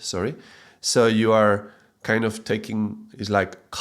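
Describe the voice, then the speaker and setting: A man teaching a mantra chanting lesson, patiently explaining sounds and chanting drawn-out syllables. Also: fairly low pitch, fairly even intonation.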